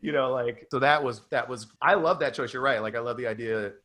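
A man co-hosting a casual movie discussion, talking in an animated, rambling way with lots of fillers. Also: mid-range voice, brisk. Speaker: podcast co-host.

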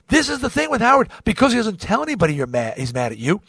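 A man spins a confessional story with a pitch that swings up and down, sitting a bit high for a man. He restarts and repeats himself as he goes, acting out the people in it. The sound is dry and close. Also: fast talker, vocal fry, hardly any pauses, husky, no room sound. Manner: animated, repeats words, restarts, acts out quotes. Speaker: podcast host.

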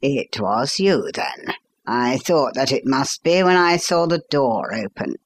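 A woman voicing Mr. Rucastle, a slow, coaxing villain. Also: extremely low pitch, sing-song, pitched below the performer's own voice, full character voice. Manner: coaxing, overly soothing, then menacing. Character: smooth-talking sinister middle-aged man. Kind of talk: audiobook character voice.

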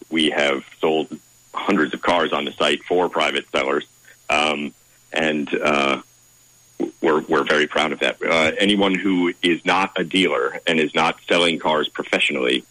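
A man interviewed as a car website's content director, answering in a measured, formal way with many pauses. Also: extremely low pitch, steady tone, bright, forceful tone, dry recording, low-quality recording.

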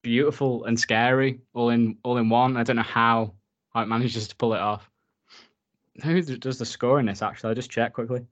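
Reviewing a film as a podcast co-host, a man talks a little fast in a mid-range voice with fairly even intonation. The conversation is casual and chatty, full of swearing and filler words such as "like."

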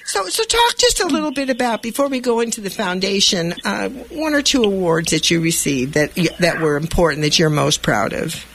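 A woman's voice: medium pitch, sing-song, a little fast, hardly any pauses, a bit bright. A woman hosting a radio interview show, affirming her guest and rambling through questions with many restarts. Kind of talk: interview talk.

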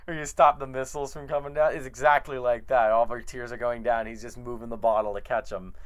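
A man co-hosting a podcast, recapping a show in a relaxed storytelling way with quiet chuckles. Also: medium pitch, fast talker. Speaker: podcast co-host. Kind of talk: casual chat recapping a show.

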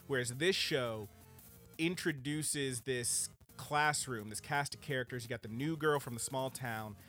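Brief: casual podcast co-host, male, animated and profane, lots of "like". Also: medium pitch, a little slow, faint music behind. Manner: animated, profane, filler-heavy. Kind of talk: casual anime review chat.

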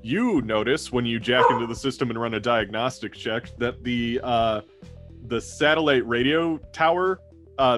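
Halting male game master. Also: mid-range voice, fairly bright tone. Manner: halting, full of fillers and restarts. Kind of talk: narrating a tabletop role-playing game.

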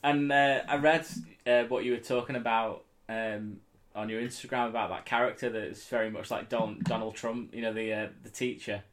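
A man co-hosting a relaxed podcast. He talks in a laid-back, dry manner, trailing into casual fillers. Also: medium pitch, moderate pace. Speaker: podcast co-host. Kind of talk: casual chat.

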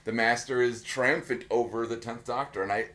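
A man's voice: medium pitch, steady tone, moderate pace, fairly bright tone. A man co-hosting a podcast, chatting casually and enthusiastically, swearing often and restarting his sentences. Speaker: podcast co-host. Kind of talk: casual chat.

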